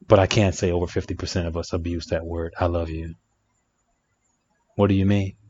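A man's voice: low voice, level tone, fast, a little mellow, slight background noise. A man giving relationship advice in a reflective monologue, emphatic and repeating phrases for effect. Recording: dry, dull lo-fi sound.

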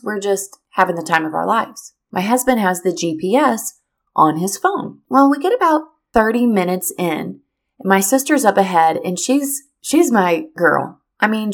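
Animated middle-aged woman telling a story. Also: medium pitch. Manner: animated, addresses listeners directly. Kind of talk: personal storytelling talk.

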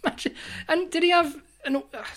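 A woman's voice: very high-pitched, fairly even intonation, a little fast, a bit bright. A woman co-hosting a podcast, bantering in a giggly, sarcastic way. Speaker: podcast co-host. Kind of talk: casual comedic chat.

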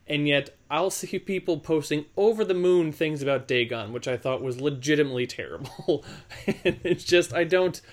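A man's voice: fairly high pitch, normal speed. A man co-hosting a film podcast, talking casually and hesitantly with ums and repeated words. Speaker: podcast co-host. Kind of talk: casual chat.

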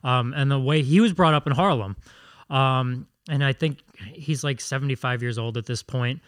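Casting note: male co-host, mid-pitched, dry close sound, halting storyteller. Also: dry recording. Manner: relaxed anecdotal, hesitant "um"s. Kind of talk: casual chat.

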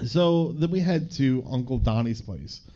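A man's voice: medium pitch, measured pace, muffled recording, a little hiss or hum. A man co-hosting a podcast, casually joking as he recaps a movie. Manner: joking, animated retelling. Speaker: podcast co-host.

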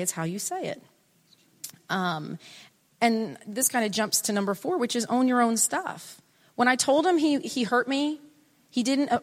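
A middle-aged woman giving an earnest, animated talk, often interrupting herself. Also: medium pitch, long reverb tail. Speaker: speaker on family relationships. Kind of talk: casual talk.

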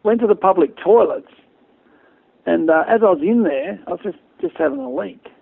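A big, opinionated Southern American man, as an Australian man puts him on in an attempted drawl. The voice is raised and gravelly, with a quick, blunt delivery. It comes through a tinny, phone-like line. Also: sits high, lively intonation, pitched above the performer's own voice, exaggerated voice. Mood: matter-of-fact.

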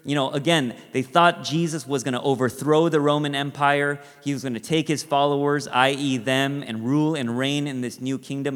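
A man's voice: mid-range voice, in a large hall. A man preaching a sermon in a conversational way, acting out quotes and adding rhetorical asides.

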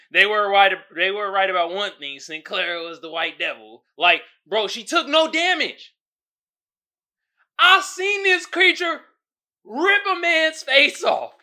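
A man hosting a casual solo podcast, riffing in an animated, exasperated way with lots of slang and laughter. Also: high voice. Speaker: podcast host.

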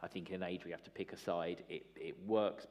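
Man, commentator type, chatty and animated, lowish voice, filler-heavy political chat. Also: a little fast. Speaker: political commentator, former party staffer.

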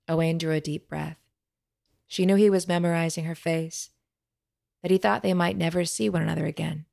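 Female audiobook narrator, measured and dramatic, slight fry. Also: low voice, steady tone, darkish tone. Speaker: storyteller. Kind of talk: scripted fantasy audiobook narration.

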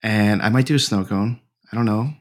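A man's voice: fairly low pitch, a little fast. A man co-hosting a podcast in casual chat over a remote call, rambling with lots of fillers. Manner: rambling, many "like" fillers and restarts, swears casually. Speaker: podcast co-host. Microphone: remote call over shaky wifi.

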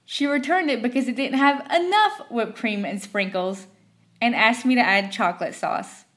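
A woman's voice: on the high side, expressive, normal speed, a bit bright. A young woman from Southwest Virginia with an Appalachian accent, narrating personal stories in a wry, self-deprecating way. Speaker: storyteller podcast host. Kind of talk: scripted story narration.

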